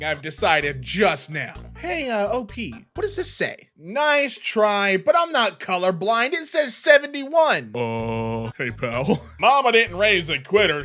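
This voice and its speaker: A man reading online posts aloud as a comedy host, joking, shouting punchlines and doing quick silly voices. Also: high-pitched.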